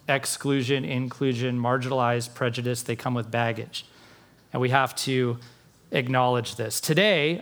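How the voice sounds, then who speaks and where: A man preaching a sermon to his congregation, animated and storytelling, acting out quotes from the story. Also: mid-range voice. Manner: animated, acts out voices of people in the story. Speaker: pastor.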